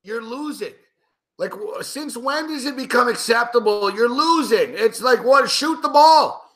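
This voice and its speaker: A man with a high, bright voice rants while he watches a game live, swearing and yelling at the players. He hosts a sports betting show and talks with angry, profane bursts and a sarcastic, lecturing edge. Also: expressive, measured pace. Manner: sarcastic, lecturing rant at viewers.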